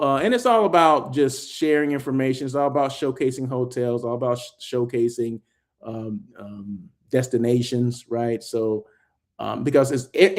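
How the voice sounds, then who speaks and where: Chatty man hosting a live stream. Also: medium pitch. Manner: chatty, rambling, thanks viewers by name. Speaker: host of a daily live check-in show. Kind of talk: casual live-stream chat with viewers.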